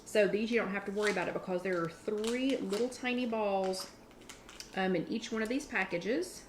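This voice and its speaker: A woman with a mid-range voice hosts a casual live cooking chat from her home kitchen as an online workshop host. She talks at a moderate pace in a chatty, rambling way, often restarting her sentences, with slight background noise.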